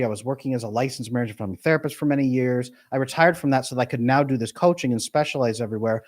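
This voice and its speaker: A middle-aged man, a relationship coach, talking to his live stream audience with emphatic, jumpy pitch on key words. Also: a little mellow. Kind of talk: live stream talk to chat.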